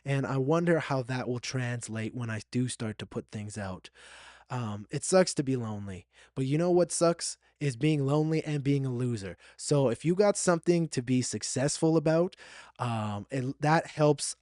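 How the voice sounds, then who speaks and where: A man's voice: medium pitch, lively intonation, normal speed, darkish tone, dry recording, studio quality. A man hosting a solo podcast, talking in a candid and reflective way, sometimes getting emotional and repeating himself. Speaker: podcast host.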